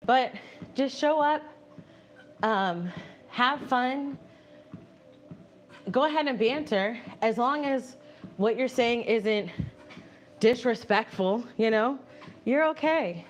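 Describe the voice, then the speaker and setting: A woman hosting a live stream, chatting casually with viewers while walking on a treadmill, animated and often laughing. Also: a little high, takes it slowly, long pauses, a little hiss or hum. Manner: animated, laughing, reads viewer messages aloud and answers them. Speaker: livestream host reading chat. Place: home, indoors on a treadmill.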